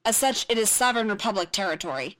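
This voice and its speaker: A woman's voice: medium pitch, animated, fast, fairly bright tone, natural voice. A woman voicing an assertive Jedi knight.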